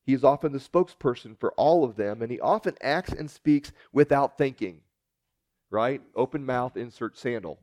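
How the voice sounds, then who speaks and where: A man preaching a sermon, retelling scripture as a story and acting out the dialogue with big swings in pitch and loudness. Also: animated, moderate pace, dry recording. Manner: storytelling, acts out the dialogue with shifting pitch and volume.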